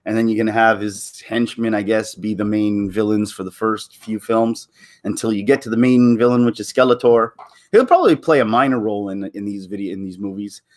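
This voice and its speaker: A man's voice: lowish voice, fairly quick. A man from Canada rambling through casual solo commentary, chuckling and restarting his sentences often. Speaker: vlogger.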